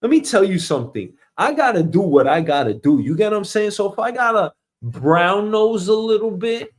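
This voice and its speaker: A man's voice: sits high, animated, normal speed. A man hosting a casual show, ranting profanely in a mocking way and acting out quoted coworkers. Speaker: host.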